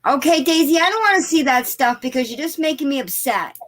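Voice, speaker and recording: A middle-aged woman with a Boston accent, talking in a casual group chat, expressive and exasperated. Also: high voice, rough recording. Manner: expressive, exasperated, quick to laugh.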